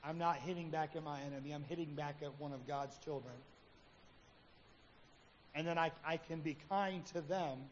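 A man's voice: a little high, fairly even intonation, moderate pace, long pauses. Man preaching in an echoing hall. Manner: conversational preaching, acts out his own quotes. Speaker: pastor. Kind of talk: sermon. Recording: hall reverb, dull lo-fi sound, faint noise.

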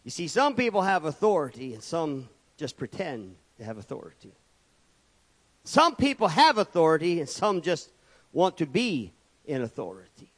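High-voiced preacher man. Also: big pitch swings, moderate pace. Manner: preaching with rhetorical repetition and calls of amen. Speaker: pastor. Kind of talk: sermon. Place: church.

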